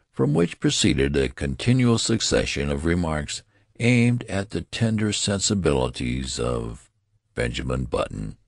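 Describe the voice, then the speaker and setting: Very deep-voiced, gravelly male narrator. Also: no room sound, studio quality. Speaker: audiobook narrator. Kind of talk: scripted narration.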